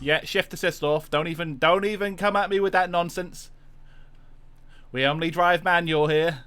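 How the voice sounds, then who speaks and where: A man's voice: fairly high pitch, steady tone, moderate pace, a bit bright, faint music behind, lightly acted. A man putting on a jokey Cockney accent while streaming a racing game, with hammy, boisterous banter. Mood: cheeky. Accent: put-on Cockney.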